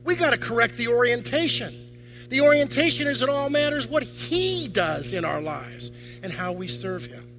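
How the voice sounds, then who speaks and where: Older deacon guy preaching in church, high bright voice, faint music behind. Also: normal speed, creaky, low-quality recording. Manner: animated, rhetorical questions to the congregation. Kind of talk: sermon.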